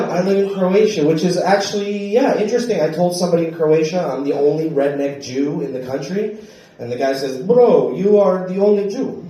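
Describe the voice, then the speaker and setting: A stand-up comedian from Wyoming works a club crowd, his voice pitched high and punchy, with bursts where he shouts. He sounds a bit off-mic, and the club room rings with heavy echo around him. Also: far from the mic, a little hiss or hum. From Wyoming, USA. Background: audience laughter.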